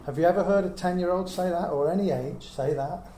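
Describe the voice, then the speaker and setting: A man's voice: sits high, brisk, mellow. A middle-aged man giving an earnest Bible teaching, reasoning aloud with many rhetorical questions. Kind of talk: teaching talk to a small group. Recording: echoey room with faint hiss.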